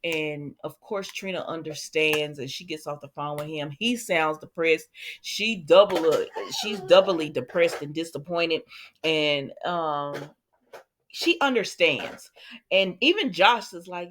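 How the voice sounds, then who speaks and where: Casting: woman, soap recap host, chatty and animated, a touch low-pitched. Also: measured pace. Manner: chatty, animated retelling with asides to viewers. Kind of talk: casual recap chat.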